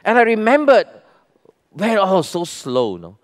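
A man's voice: sits high, wildly swooping pitch, measured pace. A man with a Malaysian English accent preaching a sermon as pastor to a church congregation, emphatic and full of questions to the people. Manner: emphatic, asks questions and calls the congregation to respond.

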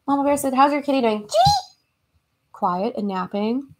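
A young American woman hosts a relaxed livestream from home, chatting with viewers. Her voice sits a little high. She giggles often and reads out comments as they come in. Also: normal speed. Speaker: livestream host. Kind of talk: casual livestream chat reading comments. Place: her home in Los Angeles.

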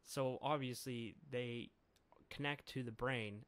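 A man's voice: mid-range voice, fairly even intonation, slow pace, a bit bright. Chuckling man recapping a comic chapter. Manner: chuckles often, trails off and restarts. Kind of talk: casual chapter recap with put-on voices.

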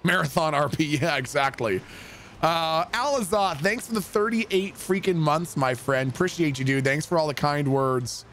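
A man's voice: fairly high pitch, normal speed, fairly bright tone, a little hiss or hum. Exasperated swearing man streamer. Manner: exasperated, swearing, laughing at himself. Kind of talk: roleplay gaming stream.

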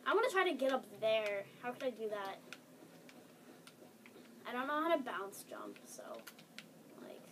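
Excitable high-voiced woman gaming. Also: measured pace, pauses often, distant mic, noisy background. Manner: excitable, chatty, squeals and exclaims often. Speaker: gamer playing with a friend. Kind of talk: casual let's-play chat.

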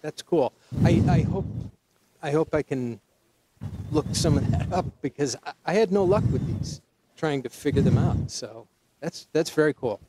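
A man's voice: fairly high pitch, animated, normal speed, very noisy. A man from Connecticut, a guest on an appraisal show, telling a family story hesitantly with many ums and restarts. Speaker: guest with collectibles. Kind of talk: casual storytelling.

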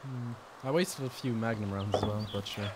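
An Irish man chatting over game voice chat on a headset mic, bossy and swearing, often shouting orders. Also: fairly low pitch, moderate pace, background noise. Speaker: gamer and channel host.

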